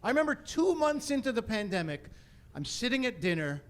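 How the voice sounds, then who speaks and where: High-voiced man doing animated stand-up. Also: a little fast. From Canada. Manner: animated storyteller building to mock-indignant rants. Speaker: stand-up comedian. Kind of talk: stand-up comedy routine. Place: comedy stage before a live audience.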